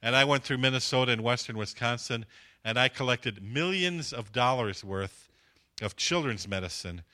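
A man's voice: medium pitch, normal speed, bright, forceful tone. A man preaching, telling a story and acting out the dialogue, with a dry throat. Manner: storytelling, acts out dialogue with voice swings. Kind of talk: sermon testimony.

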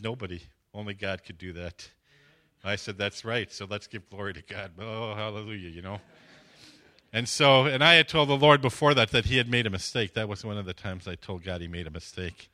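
A man gives a sermon testimony, telling a story and acting out its dialogue with swings in his voice. His mid-range voice sounds pushed and bright, and his throat is dry.

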